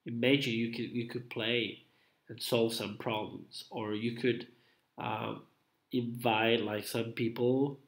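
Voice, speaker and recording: A man's voice: medium pitch, steady tone, takes it slowly. A man hosting a casual live stream, rambling and hesitant with many fillers, coughing from a cold. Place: home room at night. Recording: roomy echo.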